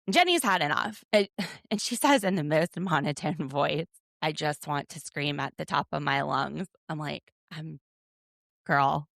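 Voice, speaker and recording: A woman's voice: fairly low pitch, gravelly, fairly bright tone, no echo, studio quality. A woman in her thirties hosting a podcast, giving a chatty, wry recap with self-deprecating asides. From United States. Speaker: podcast host. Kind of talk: casual recap commentary.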